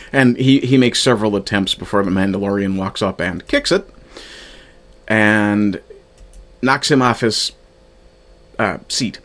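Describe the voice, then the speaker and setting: A man's voice: lowish voice, takes it slowly, long pauses, fairly bright tone. A man casually reviewing a fan film from his notes, thinking aloud with frequent fillers and restarts. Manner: reads from his own notes. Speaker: media reviewer.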